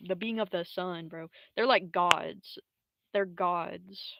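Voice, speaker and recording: A woman's voice: lowish voice, takes it slowly, gravelly, noisy background. A young woman streamer telling a story in a casual, rambling way, full of slang and fillers.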